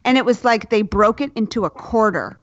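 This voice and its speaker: A woman's voice: fairly high pitch, brisk, dry recording. Candid young woman telling a story. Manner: candid, swears freely, lively storyteller. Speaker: guest telling her birth story. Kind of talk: casual chat. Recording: dull, dry sound.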